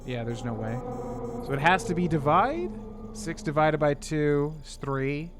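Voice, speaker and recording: Man thinking aloud, slightly high voice. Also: measured pace. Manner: thinks aloud, counting and muttering sums to himself; exasperated, half-joking grumbling. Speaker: streamer playing a video game. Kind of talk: casual let's-play commentary.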